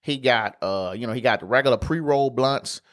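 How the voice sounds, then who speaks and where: A man's voice: medium pitch, normal speed, a bit bright. A man hosting a podcast, telling a travel story in a loose, slangy, profane way with plenty of fillers. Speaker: podcast host. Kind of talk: casual storytelling.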